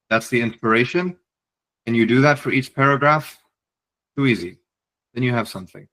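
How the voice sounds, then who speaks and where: A man's voice: medium pitch, normal speed, pauses often, a bit bright, poor audio. A man presenting a webinar, a psychiatry fellow giving direct, encouraging writing advice over a video call, often repeating words as he restarts.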